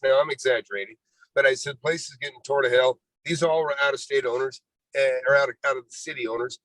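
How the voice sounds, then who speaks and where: A man's voice: medium pitch, steady tone, quick pace, fairly bright tone, dry recording, poor audio. Rambling older man telling his story. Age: 60s. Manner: rambling, full of "you know", acts out quoted dialogue. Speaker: real estate investor guest. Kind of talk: storytelling interview.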